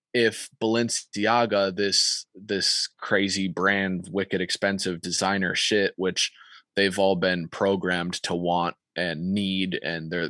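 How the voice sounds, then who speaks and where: A man's voice: low voice, a bit bright, no room sound. A man co-hosting a podcast, rambling in casual chat with restarts and swearing.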